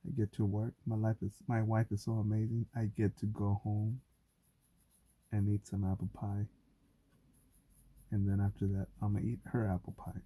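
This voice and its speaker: A man telling stories in a casual, rambling monologue, cursing often and getting animated. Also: lowish voice, normal speed, long pauses, husky. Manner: profane, animated storytelling. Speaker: vlogger.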